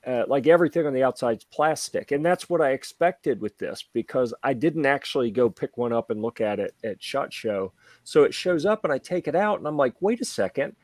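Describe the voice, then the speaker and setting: Male podcast host, lively raconteur, dry close-mic sound, mid-pitched everyday voice. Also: a little fast, dry recording. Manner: animated storyteller acting out quoted voices. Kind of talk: casual chat.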